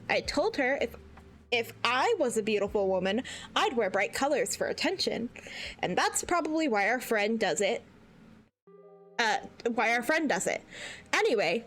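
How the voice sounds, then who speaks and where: A woman's voice: a little high, a bit bright. A woman streamer reading posts aloud to guests in casual chat, often breaking into giggles and mock outrage.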